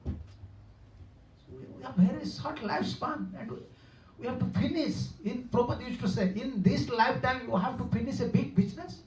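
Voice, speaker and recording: Older man preaching in a distant, echoey hall. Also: high-pitched. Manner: simple non-native English, repetitive, animated when quoting characters. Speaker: spiritual teacher giving a lecture. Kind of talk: storytelling sermon. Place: temple hall.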